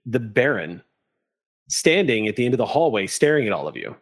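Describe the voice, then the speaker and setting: A man's voice: mid-range voice, sing-song, fairly quick, husky. A man narrating a tabletop game as game master, describing scenes at length with frequent fillers.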